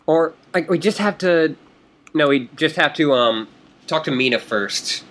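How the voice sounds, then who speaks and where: A man's voice: a little high, animated, a little slow, fairly bright tone. A man chatting casually through a game playthrough, guiding his partner and swearing now and then. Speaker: gamer.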